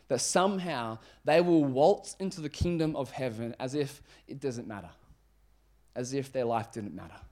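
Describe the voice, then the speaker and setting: A pastor giving a conversational, emphatic sermon, dropping low and quiet on serious points. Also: male voice.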